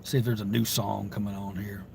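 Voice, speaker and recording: A man's voice: lowish voice, flat delivery, fairly quick, gravelly, a little hiss or hum. A man hosting a livestream, reading out viewers' stories and reacting in a rambling, exasperated way, swearing freely. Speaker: livestream host. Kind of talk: casual livestream chat reading comments.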